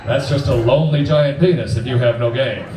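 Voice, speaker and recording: A man in his forties doing a stand-up comedy set, crude and punchy, acting out quick voices. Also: medium pitch, background noise. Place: comedy club stage before a live audience. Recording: roomy club sound from a distance, audience laughter.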